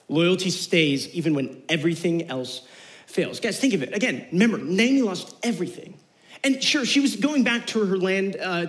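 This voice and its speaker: A young man giving a casual, slangy youth sermon, animated as he retells the story. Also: high-pitched, low-quality recording. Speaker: youth pastor.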